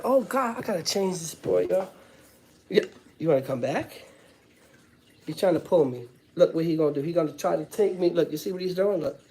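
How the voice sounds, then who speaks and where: A former prisoner hosts a casual livestream while sick and coughing, chatting loosely and profanely, greeting viewers by name and talking to his little son. His voice is a little high, warm, animated and a little fast, with slight background noise.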